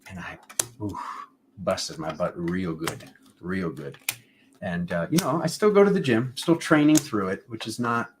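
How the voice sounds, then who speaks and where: A man's voice: low voice, lively intonation, a little slow, background noise. A man giving a casual, playful tarot reading, rambling between jokes and card meanings. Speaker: tarot reader.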